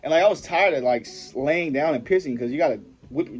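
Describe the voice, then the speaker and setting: A man's voice: fairly high pitch, fast. A young man vlogger telling a personal story in a rambling, profane, slangy way, often stopping and restarting his sentences. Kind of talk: casual storytelling to camera.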